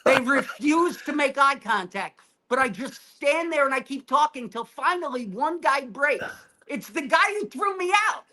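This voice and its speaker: A man telling a wild story as a guest comedian on a podcast, animated and profane, acting out his own shouting. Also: extremely high pitch, moderate pace. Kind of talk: storytelling in casual chat.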